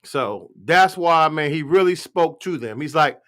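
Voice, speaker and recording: Man, higher pitch, profane, blunt, rambling, live stream rant. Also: expressive, unhurried, a bit bright. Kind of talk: casual political rant.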